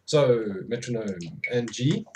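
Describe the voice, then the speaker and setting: A man's voice: medium pitch, slow, very noisy. A man teaching drumming, counting rhythms aloud and correcting himself as he goes, with many fillers. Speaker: drum tutor. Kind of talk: instructional demonstration.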